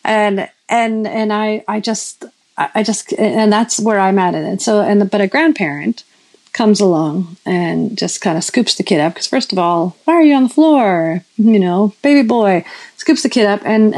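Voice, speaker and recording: A woman's voice: medium pitch, normal speed, a little mellow, poor audio. A woman in her fifties preaching in a casual storytelling way, rambling with many restarts and self-corrections. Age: 50s. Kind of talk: sermon-style storytelling.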